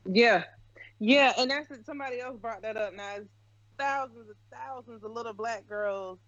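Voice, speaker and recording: A man's voice: very high-pitched, moderate pace, lo-fi sound, a crowd in the background. A man co-hosting a casual chat, blunt and profane, often cutting in on the others.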